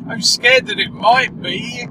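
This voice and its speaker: A man's voice: extremely high pitch, takes it slowly. A man joking and laughing while driving a car, with a playful, self-mocking manner. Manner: jokey, giggly, self-mocking. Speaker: vlogger, driver. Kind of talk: casual chat. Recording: distant voice over car noise.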